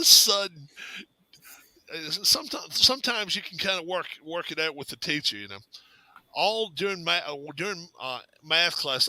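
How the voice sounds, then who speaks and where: A man spins a laughing story in a loose, drawling way, slipping into the voices of the people he quotes. His voice is very bright and a touch high. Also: no room sound, rough recording. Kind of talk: casual storytelling and sports chat.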